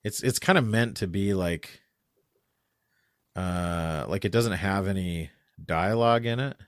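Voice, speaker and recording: Middle-aged man, low voice, chatty podcast co-host, dry sound. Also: dry recording. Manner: chatty, quick to laugh and joke. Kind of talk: casual chat.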